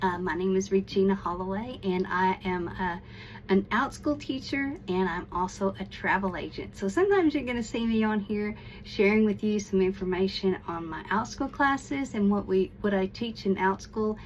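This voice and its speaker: Female channel host, mid-pitched, friendly, casual talk to camera, frequent restarts, faint background hiss. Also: normal speed, rough recording. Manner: friendly, repeats words, restarts often. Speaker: online teacher and channel host. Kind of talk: casual video lesson to camera.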